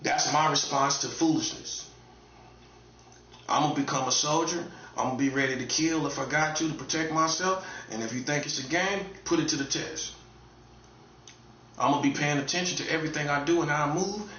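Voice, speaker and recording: A man styling himself a prophet delivers a casual, streetwise monologue, blunt and emphatic, repeating phrases and swinging between loud high bursts and low mutters. He talks fairly quickly. The room is echoey, the sound dull and lo-fi, with slight background noise.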